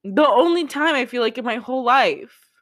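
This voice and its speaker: A woman's voice: on the high side, animated, normal speed, fairly bright tone. A young woman talking to camera in a confessional vlog, raw and self-critical, swearing often and restarting her sentences. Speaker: vlogger.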